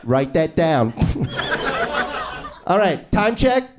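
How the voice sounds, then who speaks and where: A male comedian working an improvised stand-up set in a small club, high in pitch and needling the audience. The live recording is noisy, with clicks in the background. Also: sing-song, very slow. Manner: brash, crude, needling the crowd.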